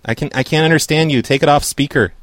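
A man's voice: on the high side, fast talker, dry recording. A man making a prank call, stammering and whining in mock hurt. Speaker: prank caller.

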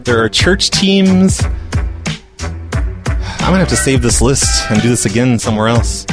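A man's voice: mid-range voice, animated, a little slow, over music. A man making prank phone calls and chatting between them, stammering and teasing. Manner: mocking, stammering, playful. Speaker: prank caller. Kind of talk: prank call livestream chat.

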